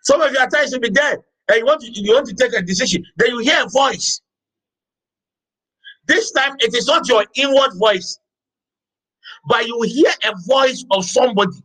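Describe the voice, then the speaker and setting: A man preaching a sermon as pastor, emphatic, repeating phrases and shouting out words now and then. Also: extremely high pitch, normal speed, pauses often, low-quality recording.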